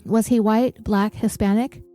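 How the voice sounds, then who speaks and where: A woman reading a calm emergency dispatcher. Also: mid-range voice, a little slow, soft background music, natural voice. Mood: steady questioning.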